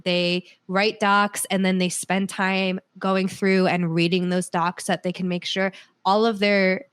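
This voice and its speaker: A woman's voice: lowish voice, no echo. A woman speaking as a guest in a casual technical podcast discussion over a call, talking conversationally with fillers and restarts. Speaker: solutions architect guest.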